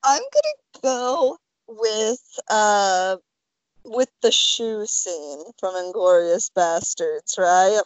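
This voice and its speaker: A chatty woman rambling through a casual podcast conversation about films. Her voice sits at an ordinary middle pitch. It is recorded close and dry, with no room sound. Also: sing-song, extremely slow, no room sound, low-quality recording. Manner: chatty, rambling, full of "like" and "you know". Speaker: podcast co-host. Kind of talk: casual film-discussion podcast chat.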